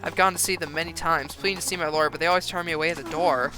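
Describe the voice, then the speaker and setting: A man's voice: fairly high pitch, steady tone, very fast, music in the background, close to an everyday voice. A man voicing a worried middle-aged mother who pleads anxiously and earnestly to get her daughter back, reading game dialogue aloud. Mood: pleading.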